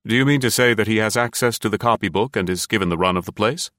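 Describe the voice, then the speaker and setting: A shrewd old detective who asks pointed questions, as a male narrator puts him on. His deep voice is recorded close and dry. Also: fast, a bit bright, no room sound, lightly acted. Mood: probing. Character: shrewd older male bald investigator, probing.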